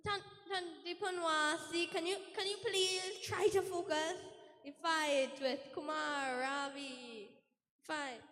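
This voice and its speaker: A woman acts an earnest male field reporter, talking in a formal newscaster way. Her high voice rings with hall reverb from a live stage. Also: normal speed, a bit bright. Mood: exasperated. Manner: formal newscaster delivery, growing exasperated.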